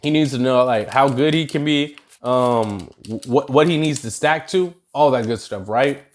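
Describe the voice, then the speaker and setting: A young adult man telling an anime what-if story in a casual, slangy, animated way, talking to viewers as y'all. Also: medium pitch, moderate pace. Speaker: YouTuber.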